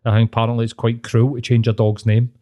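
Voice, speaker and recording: A man's voice: medium pitch, monotone, fast talker, lo-fi sound. Swearing Glaswegian man telling stories. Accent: Glaswegian Scottish. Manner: crude, laid-back storytelling with frequent swearing. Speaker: podcast co-host. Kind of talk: casual podcast chat.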